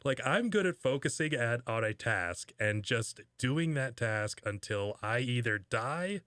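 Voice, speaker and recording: A man's voice: mid-range voice, lively intonation, measured pace, a bit bright, dry recording. A man riffs sarcastically through a comedy podcast chat, full of mock outrage and laughter. His voice sits in a mid range and is recorded close and dry. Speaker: podcast co-host.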